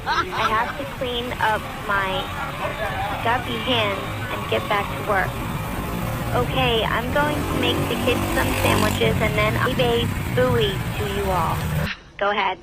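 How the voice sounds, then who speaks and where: A woman flatly reading out a crude prank message for a relay call, with no feeling in the delivery. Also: a little high, unhurried, over loud music, low-quality recording. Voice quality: flat, emotionless delivery. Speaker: text-to-speech relay reader.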